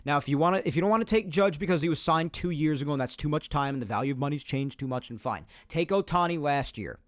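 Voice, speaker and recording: A man's voice: a little high, expressive, fast, dry recording, clean studio sound. A man hosting a solo sports podcast, making his points emphatically and repeating them to drive them home. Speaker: podcast host. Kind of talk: opinionated solo sports talk.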